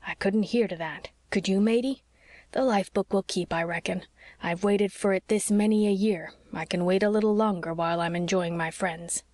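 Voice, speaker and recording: A woman's voice: mid-range voice, moderate pace, a little mellow, no echo, clean studio sound, close to an everyday voice. A woman voicing a kindly old sea captain with folksy, old-fashioned speech in an audiobook. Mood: hospitable. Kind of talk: audiobook character reading.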